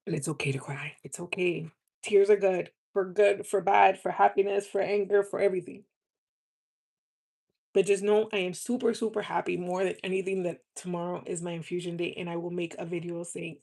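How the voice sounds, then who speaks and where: Earnest woman with a low, flat voice. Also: normal speed, gravelly. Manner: earnest, heartfelt, repeats words for emphasis. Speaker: live streamer selling cosmetics. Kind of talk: casual live-stream chat.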